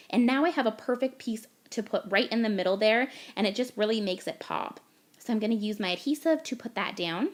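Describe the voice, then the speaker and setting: A young Canadian woman with a medium-pitched voice narrates a card-making tutorial step by step, sounding gushing and chatty.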